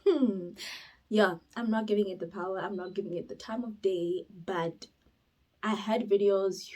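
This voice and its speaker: A young woman from South Africa chatting casually on her vlog, rambling and expressive, with sudden loud bursts and whispered asides. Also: mid-range voice, normal speed, rough recording. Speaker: YouTuber. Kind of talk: casual chat.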